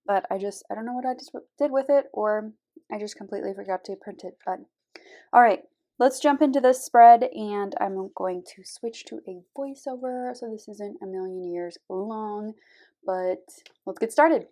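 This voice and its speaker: A chatty woman with a lilt talks in a mid-pitched voice, gushing over every detail and slipping into soft, half-whispered asides. Her voice carries a slight scratchiness from a lingering cold. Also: moderate pace. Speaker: planner vlogger. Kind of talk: casual chat over a craft video.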